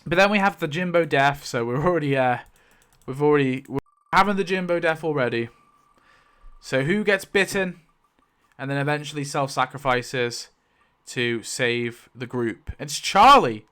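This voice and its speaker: A man giving casual, animated commentary as he rewrites a story, thinking aloud, swearing and exclaiming in mock outrage. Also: a little high, normal speed, smooth. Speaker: YouTube creator.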